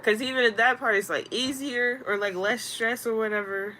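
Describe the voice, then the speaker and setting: A woman in a casual, slang-filled spiritual talk, rambling and animated as she tells stories. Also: on the high side, normal speed, a little hiss or hum. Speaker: spiritual content creator.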